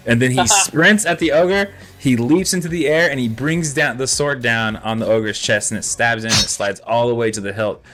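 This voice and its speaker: A man narrating a tabletop game as game master in a casual, halting way, swearing freely. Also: mid-range voice, a bit bright, faint music behind.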